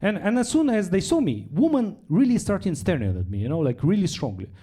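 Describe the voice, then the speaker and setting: Young Russian-accented comic, high, animated delivery, drops into a flat low voice for quoted lines. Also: male voice, fairly quick, slightly rough. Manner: chatty, tags lines with "yeah?". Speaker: stand-up comedian. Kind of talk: stand-up set. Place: comedy club stage.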